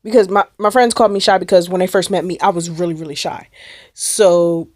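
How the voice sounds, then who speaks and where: A woman's voice: lowish voice, quick pace, dry recording. Young woman vlogging, rambly and breathless, lots of likes and oh my gods, dead dry sound. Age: young adult. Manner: rambling, breathless retelling with many likes and repeats. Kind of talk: casual storytelling vlog.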